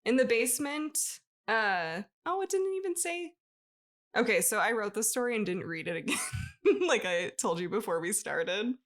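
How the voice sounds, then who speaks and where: A woman's voice: fairly high pitch, expressive, moderate pace. A woman co-hosting a podcast, reading a ghost story in a loose, chatty way and often breaking into laughter. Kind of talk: casual podcast chat, reading a written story.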